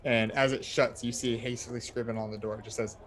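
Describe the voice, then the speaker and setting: A man as dungeon master, narrating a tabletop game in a relaxed, rambling way full of fillers. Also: medium pitch, fairly quick. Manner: relaxed, filler-heavy storytelling.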